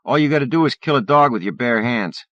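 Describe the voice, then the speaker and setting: A man's voice: medium pitch, animated, quick pace, a bit bright, no echo, highs cut off, pitched above the performer's own voice, close to an everyday voice. A man voicing a swaggering teenage bully boy who taunts in a crude, jeering way.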